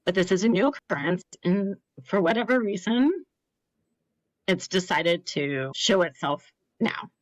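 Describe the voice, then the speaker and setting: A woman's voice: on the low side, lively intonation, a little slow, dry recording, muffled recording. A woman in her thirties, a guest on an interview podcast, earnestly telling her own story and acting out what others said. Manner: earnest, emotional, acts out quoted voices. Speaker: podcast guest, cancer survivor.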